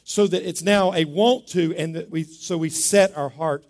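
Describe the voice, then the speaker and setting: A man's voice: fairly high pitch, normal speed, darkish tone. A man preaching a sermon as pastor, talking in a conversational way, repeating words and asking the congregation to say them back. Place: church sanctuary. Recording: long reverb of a large hall.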